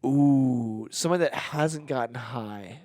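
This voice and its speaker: A man's voice: medium pitch, a little slow, darkish tone, no room sound. A man co-hosting a podcast who rambles, searches for words and laughs easily in casual chat. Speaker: podcast co-host.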